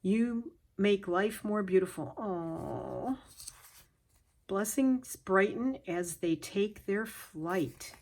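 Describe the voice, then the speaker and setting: Husky lady vlogger unboxing craft goodies, slow and gushy, lots of oh my goshes. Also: mid-range voice, lively intonation, darkish tone. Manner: gushing, exclaims and gasps. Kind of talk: casual unboxing chat. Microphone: camera on a stand, she moves it by hand.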